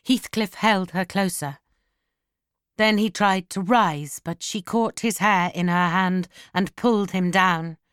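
Woman reading a novel aloud, unhurried, pretty dry close sound. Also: medium pitch, fairly bright tone, smooth, no echo. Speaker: narrator. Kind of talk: scripted audiobook narration.

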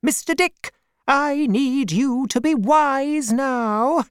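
A woman voicing a stern, commanding older aunt who speaks firmly and shouts orders at her servant, in a storybook reading. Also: sits high, slow, no room sound, clean studio sound, pitched above the performer's own voice. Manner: firm, loud, bossy.

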